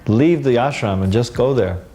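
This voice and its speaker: A man recalling old memories in a casual, animated storytelling way, acting out the dialogue and often stopping to restart. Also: mid-range voice. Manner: halting, with restarts and fillers.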